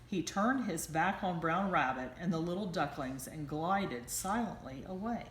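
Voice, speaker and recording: A woman teacher reading a bedtime story aloud in a slow, expressive storytelling manner. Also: on the low side, a little hiss or hum. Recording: roomy echo.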